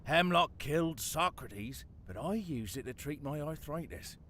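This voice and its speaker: An actor voicing a dead older English gardener with a West Country accent, dry and darkly playful, in a video game. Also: male voice, a little high, animated, unhurried, a bit bright, slight background noise. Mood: sly. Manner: wry, theatrical, darkly playful.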